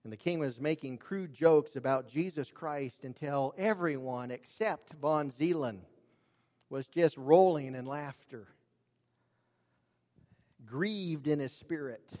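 A man preaching a sermon, earnest and emphatic, dropping his voice low and raising it for emphasis. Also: slow pace, long pauses, a little mellow. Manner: earnest, emphatic, varies volume for drama. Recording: long reverb of a large hall.

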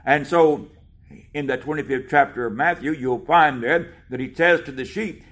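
Man, preacher, sermon, fairly high voice, slow stressed scripture reading. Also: fairly bright tone. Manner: reads scripture aloud with slow emphasis, frequent fillers.

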